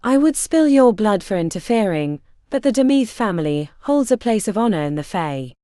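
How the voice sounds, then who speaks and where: A woman's voice: mid-range voice, big pitch swings, normal speed, warm tone, no room sound, clean studio sound, natural voice. A woman voicing a corrupted male fae green man in an audiobook, speaking in a cold, threatening way. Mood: menacing.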